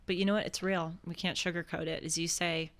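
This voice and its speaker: A woman's voice: on the low side, level tone, a little fast, a bit bright. A young woman, a guest on a political talk show, speaking in an earnest, outspoken way. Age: young adult.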